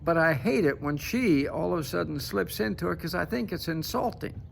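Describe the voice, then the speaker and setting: A man with a heavily gravelly, rough-edged voice sitting a bit higher than most men's, delivering emphatic political commentary straight to camera. He hammers his points and keeps checking in with his listeners with a quick "okay?". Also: animated, a little hiss or hum.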